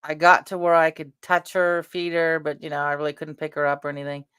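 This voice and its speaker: A middle-aged woman rambling through family stories in a casual, animated vlog chat. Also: low voice, fairly quick, clear, resonant tone, no room sound, studio quality. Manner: rambling, animated, talks with her face. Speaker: vlogger.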